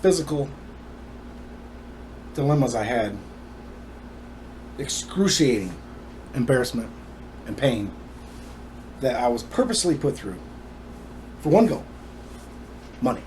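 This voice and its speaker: A man's voice: mid-range voice, very animated, slow pace, long pauses, a little mellow, slight background noise. A man telling his personal story to the camera in an emphatic, indignant way.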